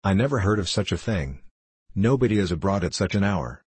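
A man's voice: sits low, animated, fairly quick, breathy edge, dry recording. A man voicing a melodramatic, portly French duelist who declaims grandly, in a storybook reading.

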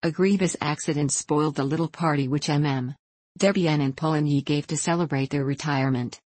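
A formal male opera manager recounts a grim incident in a measured, matter-of-fact way, as read by a woman. The voice is low and the recording is close and dry. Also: steady tone, darkish tone, dry recording. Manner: formal, measured memoir reading.

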